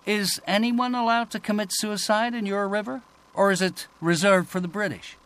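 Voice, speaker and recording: A man doing an excitable young American researcher. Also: high-pitched, normal speed, smooth, voice pushed up. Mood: dismayed. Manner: dramatic, dismayed.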